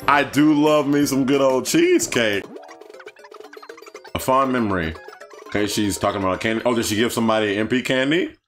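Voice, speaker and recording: A man's voice: mid-range voice, brisk, pauses often, fairly bright tone, faint music behind. A man giving goofy, joking commentary on a video game and putting on voices for the characters. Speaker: gaming channel host. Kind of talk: let's play commentary.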